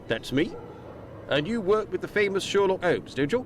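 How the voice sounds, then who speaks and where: An actor playing a helpful, plain-spoken police constable in a video game. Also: male voice, sits high, big pitch swings, moderate pace, soft background music. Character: friendly male London police constable.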